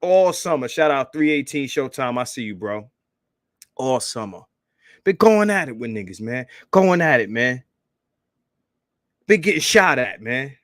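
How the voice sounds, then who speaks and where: A man hosting a casual livestream, hyped and profane, calling out shout-outs to viewers and begging for likes. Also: mid-range voice, big pitch swings, measured pace, long pauses, no echo, studio quality. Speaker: livestream host.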